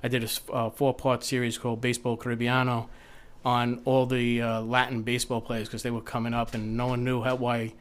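A man's voice: mid-range voice, brisk, few pauses. A man, a TV producer, telling stories in casual podcast talk, rambling and acting out the people he quotes. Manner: rambling, animated storyteller who acts out quotes. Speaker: TV producer guest.

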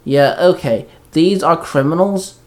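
A man doing a dry, flat young woman. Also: fairly high pitch, a little slow, natural voice.

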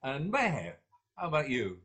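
A man's voice: medium pitch, huge pitch swings, normal speed, fairly bright tone, husky. A man leading a panel on storytelling, explaining methods and handing the turn to each guest in an encouraging, conversational way. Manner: encouraging, conversational, hands turns to others. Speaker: discussion host, storyteller.

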